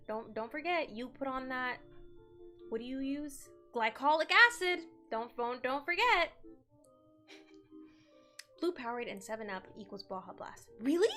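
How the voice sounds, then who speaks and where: High-voiced giggly young woman streamer. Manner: giggly and chatty, reads chat aloud. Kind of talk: casual co-working stream chat.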